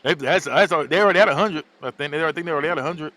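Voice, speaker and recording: A man hosting a podcast, recapping a movie in an animated, casual way with frequent laughs. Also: on the high side, rapid-fire, no room sound. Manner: animated storytelling, laughs often. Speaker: podcast host.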